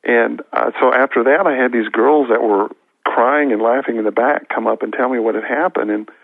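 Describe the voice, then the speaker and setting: A man, a minister, telling a long earnest story with halting restarts and acted-out quotes, heard over a phone line. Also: mid-range voice, vocal fry, husky, no room sound. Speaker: guest minister. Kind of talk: storytelling testimony. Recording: tinny phone-line audio.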